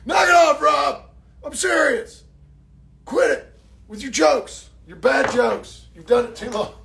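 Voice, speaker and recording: A man voicing an annoyed male fan at home who scolds him in a squeaky, shouty, exasperated way. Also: lively intonation, slow, gravelly, heavily acted.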